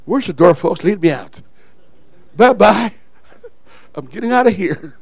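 A male pastor preaching a sermon in an animated way, shouting at some points, dropping low at others and chuckling at his own asides. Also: measured pace, gravelly, pauses often, low-quality recording.

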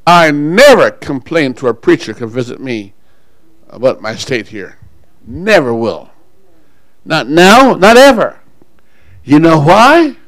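A pastor preaching a sermon to his congregation, calling people up front and pausing for call-and-response. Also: mid-range voice, very animated, a bit bright, dry recording, poor audio.

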